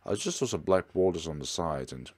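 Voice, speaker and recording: In this horror-game let's play, the male host reads the game's dialogue aloud and erupts into dramatic outbursts. His voice is low-pitched and slightly rough, with a darkish tone.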